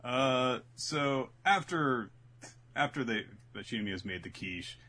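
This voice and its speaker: Forceful husky man, animated podcast host. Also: medium pitch. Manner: animated, acts out scenes in quick voices. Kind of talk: casual chat.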